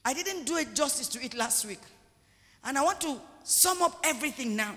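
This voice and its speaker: A man preaching a sermon as pastor. He preaches with emphasis, repeats phrases and rises to shouts. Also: very high voice, expressive, a little fast. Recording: long church hall reverb.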